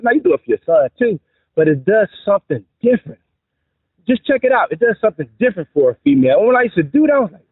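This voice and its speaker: A man giving relationship advice in a casual, animated monologue, with joking asides. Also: high voice, quick pace, husky, no room sound. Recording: dry, tinny phone-like sound.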